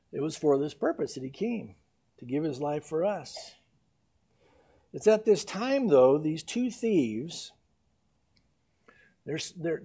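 A man preaching a sermon, reading scripture with rising intensity and dropping to a soft, intimate tone to drive points home. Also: fairly high pitch, breathy edge. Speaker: pastor.

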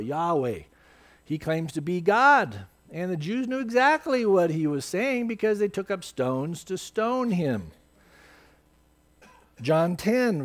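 A man preaching a sermon, quoting scripture with emphatic, rising force. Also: high-pitched.

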